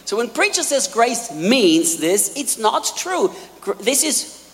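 A man preaching a sermon in a large hall, emphatic, repeating key lines and swinging between quiet asides and loud peaks. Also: very high-pitched, very animated, takes it slowly. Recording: long hall reverb.

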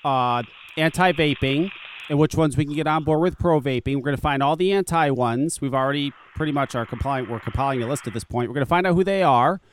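A man's voice: mid-range voice, fast talker, slight background noise. A man co-hosting a talk show, emphatic and profane, repeating words as he pushes a point. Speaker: podcast co-host. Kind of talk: animated advocacy talk show chat.

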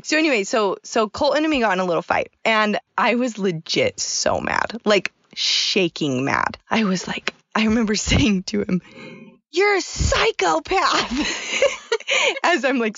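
A woman's voice: medium pitch, lively intonation, normal speed, few pauses, a bit bright, no room sound, highs cut off. A woman in her thirties co-hosting a podcast, telling a personal story in a chatty way and laughing often. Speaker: podcast co-host. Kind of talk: casual podcast chat.

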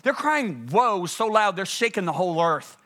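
Emphatic high-voiced male preacher. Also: big pitch swings, moderate pace. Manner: emphatic, swings from loud urgent peaks to hushed low passages. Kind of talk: sermon.

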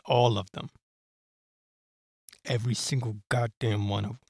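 Slow, rambling man ranting. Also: medium pitch, flat delivery, vocal fry, breathy edge, no echo. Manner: rambling, heated, profane, with many fillers. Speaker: podcast host. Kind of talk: solo political commentary.

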